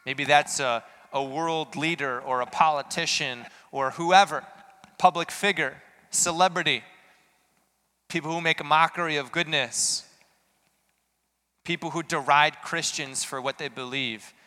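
Bright, clear-voiced man preaching in a hall. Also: a little high, steady tone, a little slow. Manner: earnest, questioning, rises to emphatic peaks. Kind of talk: sermon.

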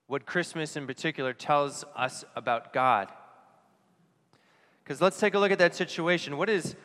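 A priest giving an earnest Christmas homily, asking rhetorical questions and dropping softly on key phrases. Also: male voice, a little high. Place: church. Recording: long church reverb.

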